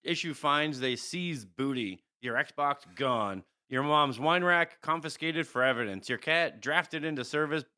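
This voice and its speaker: A man co-hosting a podcast, reading out a comic scenario in a deadpan way amid casual chat. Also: a little high, a little slow, hardly any pauses, smooth. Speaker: podcast co-host.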